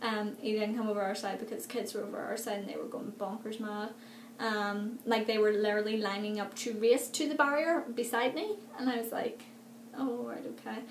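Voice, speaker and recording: A young woman, chatting excitedly in a casual vlog, full of fillers. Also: medium pitch, fairly quick. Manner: chatty and gushing, many fillers, laughs often. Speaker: vlogger. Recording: echoey room with faint background noise.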